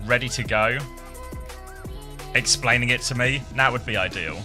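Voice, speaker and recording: A man's voice: medium pitch, normal speed, music in the background. A middle-aged man, chatting playfully with his live-stream viewers and laughing often. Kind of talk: casual live-stream chat.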